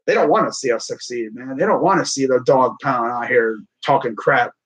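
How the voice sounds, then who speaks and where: A young man talking sports in a casual, excitable, rambling way, with plenty of trash talk. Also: mid-range voice, brisk. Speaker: sports fan streamer.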